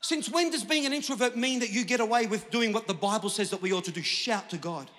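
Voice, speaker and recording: High, bright-voiced pastor preaching loudly. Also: male voice, fast talker. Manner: impassioned preaching, shifts from hushed to shouting. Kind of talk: sermon. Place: large church hall. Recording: church hall with long reverb.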